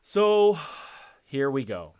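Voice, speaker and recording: Very animated yet slow, a medium-pitched male voice that's mellow and clean offers casual gameplay commentary. Speaking into a headset, he rambles to his stream viewers, restarting and self-correcting with plenty of fillers; there's no room sound.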